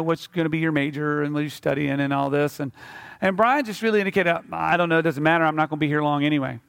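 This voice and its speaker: A pastor with a notably high, clear and resonant voice gives a sermon. He tells a story to the congregation in a relaxed, conversational manner, then drives his point home with earnest conviction.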